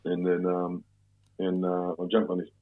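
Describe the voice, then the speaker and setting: A man's voice: sits low, monotone, normal speed. A man with an Australian accent telling a rambling, profane story in casual chat, with many restarts. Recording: tinny phone-like audio.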